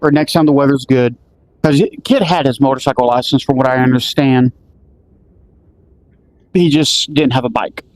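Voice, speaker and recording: Here the same road story comes from a man with a mid-range voice speaking at a moderate pace with frequent pauses. It's a casual, rambling telling full of restarts, and he performs the remembered dialogue as he goes.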